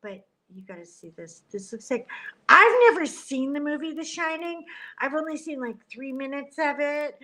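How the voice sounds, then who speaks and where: A middle-aged woman chatting casually on a livestream from a hotel room, animated, joking and gasping as she talks into a tablet. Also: sits high, normal speed, rough recording. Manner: chatty and animated, jokes and gasps. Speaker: livestream host. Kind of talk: casual live chat. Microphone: tablet camera.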